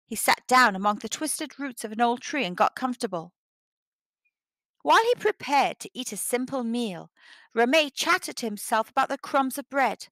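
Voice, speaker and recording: Storyteller, female, fairly high voice, animated delivery, dry close sound, children's read-aloud. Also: normal speed, no room sound.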